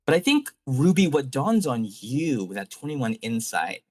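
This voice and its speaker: A man leads a tabletop session, musing aloud and padding his thoughts with fillers. His pitch rises and falls a lot. Faint music runs under his voice. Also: very animated, a little slow. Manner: rambling, full of "like" fillers. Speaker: game master. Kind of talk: improvised tabletop narration and rulings.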